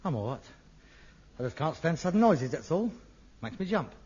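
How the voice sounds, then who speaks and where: An actor playing a touchy, irritable grown son who snaps into rants, in a dull, lo-fi old radio sitcom recording. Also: male voice, on the high side, sing-song, moderate pace, a little mellow, breathy edge, heavily acted. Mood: defensive. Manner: irritable, snapping, flares into rants. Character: frustrated middle-aged London son, irritable and touchy. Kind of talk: 1960s radio sitcom acting.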